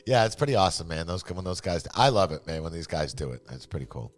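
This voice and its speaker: A man with a fairly low voice hosts a casual podcast from a bar stage. His pitch rises and falls a lot as he chats in a laid-back way, swearing freely. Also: big pitch swings, fast talker. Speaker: podcast host. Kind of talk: casual chat.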